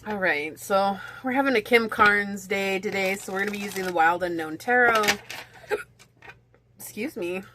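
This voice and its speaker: A woman's voice: mid-range voice, normal speed, noisy background. A woman giving a casual pick-a-card tarot reading, chatty and rambling, with lots of "like" in her talk. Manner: chatty, rambling, heavy use of "like". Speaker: tarot reader.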